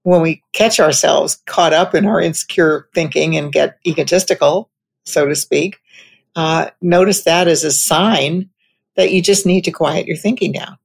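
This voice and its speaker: Low creaky woman in thoughtful chat. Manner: thoughtful, personal storytelling with pauses. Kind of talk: casual reflective conversation.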